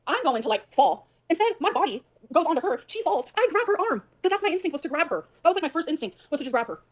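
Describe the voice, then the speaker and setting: A woman on a livestream ranting fast and emphatically, swearing a lot as she tells her side of a fight. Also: sits high, very animated. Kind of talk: venting livestream rant. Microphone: livestream mic.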